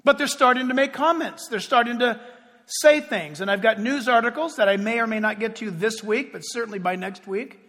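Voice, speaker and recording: Man, pastor, fervent sermon, very high voice, long echoing reverb. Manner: fervent preaching with sudden shouts and drawn-out phrases.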